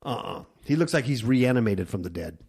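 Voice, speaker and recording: A man's voice: medium pitch, lively intonation, a little fast, vocal fry, darkish tone, husky. A man hosting a talk radio show, reading news stories aloud and mocking them with sarcastic asides.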